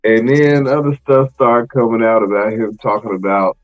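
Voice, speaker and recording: A man hosting a podcast in casual chat, animated and slangy, exclaiming and laughing often. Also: mid-range voice, normal speed, dull audio, faint music behind. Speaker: podcast host.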